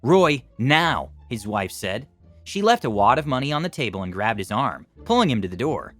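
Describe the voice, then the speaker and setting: Male narrator, animated storyteller with lively pitch; faint music bed. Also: a little fast, no echo. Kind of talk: scripted narration of online stories.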